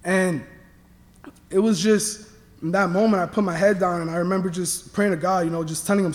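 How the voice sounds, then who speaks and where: A young man from Miami giving an earnest personal faith testimony, halting with many restarts. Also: sits high, steady tone, big-room sound. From Miami, Florida. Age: young adult. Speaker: student athlete sharing testimony.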